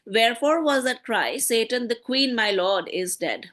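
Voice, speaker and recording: Higher-voiced woman teaching literature. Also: expressive, measured pace, a bit bright. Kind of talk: explaining a play line by line.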